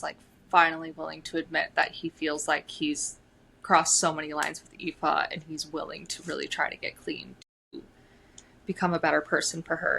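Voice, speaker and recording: A woman's voice: deep voice, vocal fry, rough recording. A woman co-hosting a book podcast, reading passages aloud and discussing them in a casual, filler-heavy way. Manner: casual, with fillers, softening into unvoiced trailing words. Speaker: podcast co-host.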